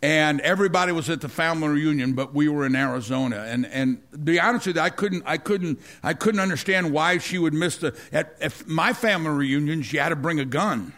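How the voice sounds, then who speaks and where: A man's voice: a little high, a little fast, few pauses, a bit bright. A middle-aged man preaching a sermon, telling a personal story with frequent stammers, repeated words and restarts. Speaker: pastor.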